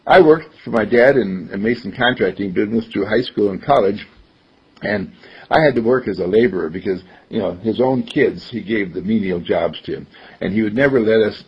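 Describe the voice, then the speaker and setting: An older man giving a conversational talk, telling stories and acting out the people in them, chuckling often. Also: fairly low pitch. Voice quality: husky, gravelly. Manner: storytelling, acts out quoted voices, chuckles often. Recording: dull lo-fi recording.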